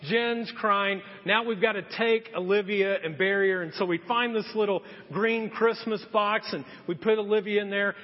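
A man preaching a sermon, telling a story and acting out the voices of the people in it. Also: high voice. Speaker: pastor. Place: church hall. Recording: muffled sound with long hall reverb.

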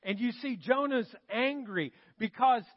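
A man preaching a sermon as pastor, animated and asking his congregation questions. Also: very high-pitched, a little slow, lo-fi sound. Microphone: handheld or stand mic that slips.

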